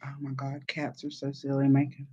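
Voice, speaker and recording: A woman's voice: rumbling low, completely flat delivery, normal speed, warm tone, slightly rough, highs cut off. Chatty woman telling family stories. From Southern United States. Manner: meandering, chatty storytelling. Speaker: podcast host. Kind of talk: casual livestream chat.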